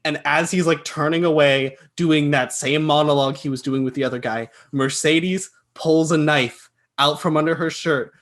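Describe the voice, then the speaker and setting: A young man co-hosting a podcast, calmly recapping film scenes in a matter-of-fact way. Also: a little high, moderate pace, hardly any pauses. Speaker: podcast co-host. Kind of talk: casual film review chat.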